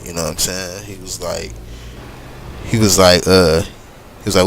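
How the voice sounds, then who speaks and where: A middle-aged man telling a long personal story casually while gaming, rambling and animated. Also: sits low, unhurried. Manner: animated, rambling, frequent "you know what I'm saying". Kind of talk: casual storytelling over gameplay.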